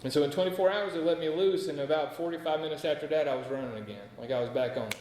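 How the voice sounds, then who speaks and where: A man's voice: fairly high pitch, racing, darkish tone, slight background noise. A man in his thirties from North Carolina, telling his recovery story to a meeting in a candid, rambling way, full of "like" and "right?". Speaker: AA speaker sharing his story. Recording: echoey hall with long reverb.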